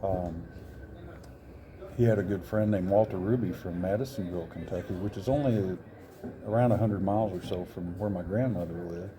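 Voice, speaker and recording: A man in his sixties, appearing as an interview guest, tells a personal story in an earnest, rambling way, often correcting himself. His voice sits low and moves at a normal speed, with crowd chatter audible behind him.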